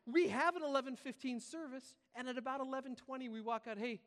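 A man's voice: extremely high pitch, quick pace, a bit bright. A man preaching a humorous sermon as a pastor, joking and acting out voices with laughing asides. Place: large church hall. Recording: reverberant hall.

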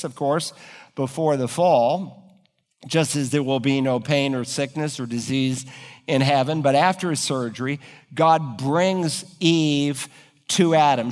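A man's voice: fairly high pitch, big-room sound. A man preaching a sermon as pastor, building to emphatic raised peaks.

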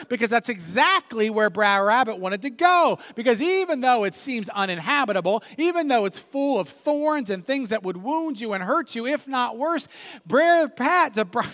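A male pastor preaching a sermon, telling a story in an animated way and often checking in with "right?". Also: very high voice, long reverb tail.

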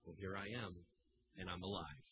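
A man preaching a sermon, voicing the risen Jesus as a soft, tender figure comforting a woman. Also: deep voice, moderate pace, slight background noise, voice pushed down, lightly acted. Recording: dull lo-fi sermon recording.

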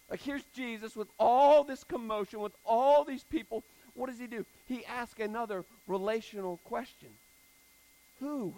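Guy preaching, casual and animated, high kinda raspy fry voice. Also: low-quality recording. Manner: animated, conversational, repeating phrases for emphasis. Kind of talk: sermon.

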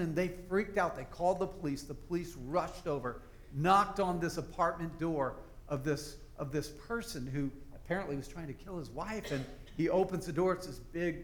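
A man preaching a sermon to his congregation in a conversational, folksy storytelling manner. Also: high voice. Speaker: pastor. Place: church service.

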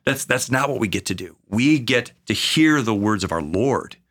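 A man speaking as a pastor in a conversational podcast, earnest, with many fillers, slowing into a preaching cadence at times. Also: on the low side, expressive, a bit bright. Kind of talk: conversational podcast talk on faith.

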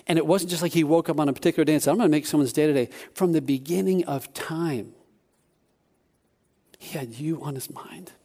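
Animated man preaching a story. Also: on the high side, very fast, few pauses. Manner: animated storytelling with many restarts. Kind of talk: sermon with personal story.

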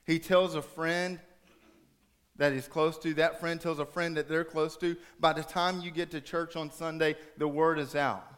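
A man preaching a sermon, telling a story dramatically, rising to urgent raised passages and dropping to hushed soft ones. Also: a little high, little pitch movement, normal speed, clear, resonant tone.

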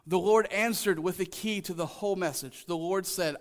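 A man's voice: high voice, moderate pace, hardly any pauses. A male pastor preaching a sermon, emphatic and repeating his key lines to the congregation.

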